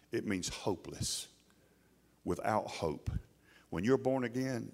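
A man's voice: fairly low pitch, in a large hall. Folksy preacher man. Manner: folksy, animated, mocking put-on voices. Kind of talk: sermon. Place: church hall before a congregation.

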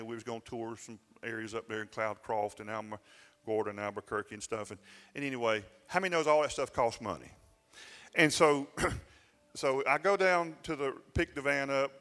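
A pastor telling a personal story in a sermon, folksy and self-mocking, dropping into plain dialect grammar. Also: male voice, medium pitch, a bit bright. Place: church sanctuary. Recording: church sanctuary with long reverb and faint music.

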